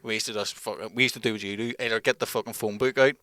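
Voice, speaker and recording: A man's voice: lowish voice, steady tone, rapid-fire, pushed and bright, no room sound. A young man with a Northern Irish accent, co-hosting a casual chat, swearing and laughing often. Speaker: podcast co-host. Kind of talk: casual banter.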